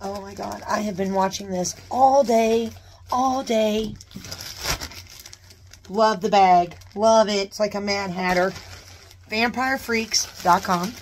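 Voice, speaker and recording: A woman chatting casually as she unboxes a new purse, gushing with excited exclamations. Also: medium pitch, slight background noise. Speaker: unboxing vlogger. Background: paper crinkling.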